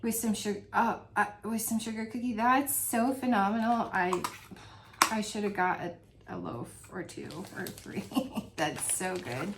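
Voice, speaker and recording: A woman's voice: medium pitch, a little slow, creaky, background noise. A woman chatting casually in a home review video, gushing and laughing often as she describes her favorite scents. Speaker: wax melt reviewer. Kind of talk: casual product review vlog.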